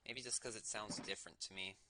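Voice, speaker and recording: A man's voice: fairly low pitch, fairly even intonation, brisk, background noise. Young man with a slight lisp, rambling. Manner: musing aloud, self-correcting while playing. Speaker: livestreamer. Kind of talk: casual gameplay commentary.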